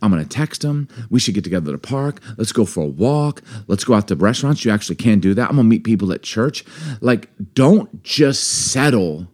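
A man's voice: on the low side, lively intonation, brisk, a little mellow. A man in his forties co-hosting a casual chat, telling stories animatedly and acting out the voices in them. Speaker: podcast co-host.

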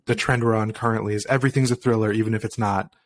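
A man's voice: lowish voice, steady tone, fast talker, dry recording. Laid-back male co-host. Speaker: podcast co-host. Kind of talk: casual podcast chat.

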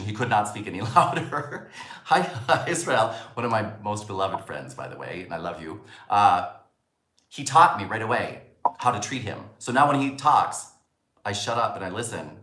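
Lively, bright-voiced male coach. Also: mid-range voice, brisk. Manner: animated, acts out quoted lines. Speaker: communication coach. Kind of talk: spoken lesson. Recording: roomy echo.

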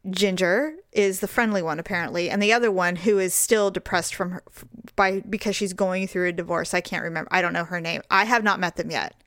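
A woman casually telling a story in chat, acting out the people she quotes in high, exaggerated voices. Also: a little fast, no room sound, studio quality. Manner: animated, jumps into high put-on voices when quoting people.

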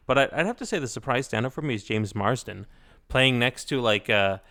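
A man's voice: mid-range voice, brisk, sharp tone. A man co-hosting a podcast, giving a thoughtful, somewhat hesitant movie review in casual chat. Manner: thoughtful, hesitant, many restarts. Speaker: podcast co-host.

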